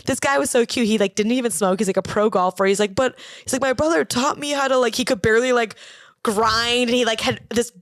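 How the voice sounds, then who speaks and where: A woman's voice: a little high, brisk, dry recording. Young woman comic rambling through a date story, says "like" a lot, dry close mic. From Boston area. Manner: rambling, frequent "like", acts out quoted voices. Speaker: stand-up comedian, podcast guest. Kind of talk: casual chat, storytelling.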